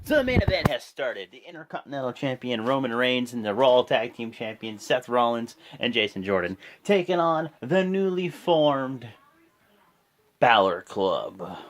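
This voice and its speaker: Lively casual man recapping wrestling. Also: mid-range voice, normal speed, slight background noise. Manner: rambling, self-correcting, acts out quotes. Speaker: wrestling show reviewer.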